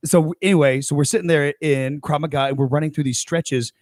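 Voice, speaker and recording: A man's voice: on the high side, fairly even intonation, fast, a little mellow, no room sound, clean studio sound. A young adult man co-hosting a podcast, telling a rambling story full of restarts and fillers. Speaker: podcast co-host, coach. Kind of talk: casual chat.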